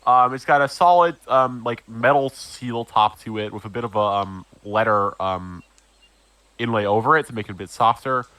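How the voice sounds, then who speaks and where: A man's voice: medium pitch, moderate pace, pushed and bright, no echo, low-quality recording. A man narrating as game master in a casual tabletop game, with many fillers.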